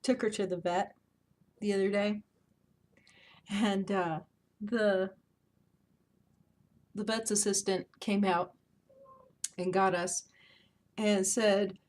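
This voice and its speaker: A woman's voice: medium pitch, fairly even intonation, takes it slowly, pauses often, a little mellow. A woman in her thirties talking casually to camera at home, chatty and self-mocking, often laughing. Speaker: beauty vlogger. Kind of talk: casual vlog chat.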